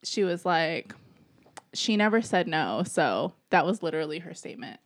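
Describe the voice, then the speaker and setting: A woman co-hosting a casual podcast, trading sassy jokes with friends. Her pitch moves a lot, rising for emphasis and then dropping into a quiet mutter at the end of lines. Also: very animated, normal speed. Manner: sassy, joking, drops to a mutter at ends. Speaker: podcast co-host. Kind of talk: casual chat.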